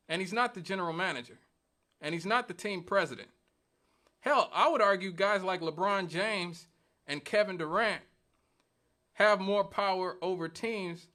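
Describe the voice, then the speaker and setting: A man's voice: sits high, pushed and bright. A male radio talk show host giving an emphatic, argumentative monologue, repeating points for stress. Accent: Northwest Indiana.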